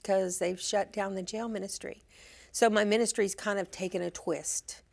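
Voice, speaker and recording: In casual talk-show chat, a gravelly-voiced woman at mid-range pitch speaks earnestly at normal speed with a steady tone. She runs a street and jail ministry, laughs readily, and frequently starts her sentences over.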